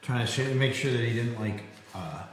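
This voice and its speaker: A man's voice: mid-range voice, moderate pace. A man playing a tabletop game, rambling through his character's details with lots of ums and joking asides. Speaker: player. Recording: echoey room with faint noise.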